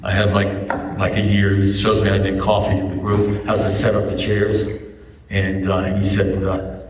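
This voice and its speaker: A man's voice: sits low, monotone, normal speed, far from the mic, slight background noise. A man speaking at a recovery meeting, telling a story to an audience in a conversational way, often asking "you know what I mean?". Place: large meeting hall with an audience. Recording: echoey hall, mic heard from afar.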